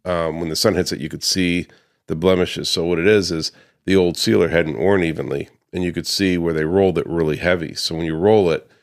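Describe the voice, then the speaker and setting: A man who runs a paver restoration business, casually recounting a client dispute, slipping into the voices of the people he quotes, with plenty of ums and restarts. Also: low voice. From United States. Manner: conversational, acts out quoted customers, frequent ums and restarts. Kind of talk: casual storytelling to camera.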